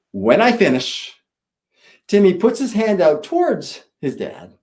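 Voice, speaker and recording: Man, school principal, storytelling speech; somewhat high, very animated pitch, dramatic pauses.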